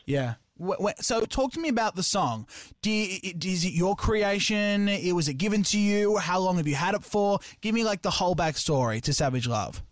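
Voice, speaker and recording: An Australian man hosting a casual interview, eager and chatty, firing off quick questions. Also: high-pitched, expressive, no echo, clean studio sound. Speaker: radio host.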